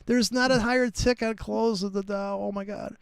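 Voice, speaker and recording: Casual trading streamer, male, high voice, dry mic, loose profane storyteller. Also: normal speed, creaky, clear, resonant tone, no echo. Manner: animated storyteller, swears freely. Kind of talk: casual chat.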